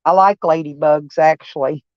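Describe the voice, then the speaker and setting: A woman's voice: low voice, steady tone, moderate pace, darkish tone, dry recording, dull audio. A woman chatting casually on a live stream, folksy and blunt, answering viewers' comments by name and swearing mildly. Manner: blunt, peppered with mild cursing.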